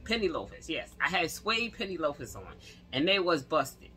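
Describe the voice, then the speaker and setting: Bright-voiced New woman telling stories. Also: deep voice, moderate pace, soft background music. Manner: animated, slangy, laughs and acts out quotes. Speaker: vlogger. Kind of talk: casual storytelling to camera.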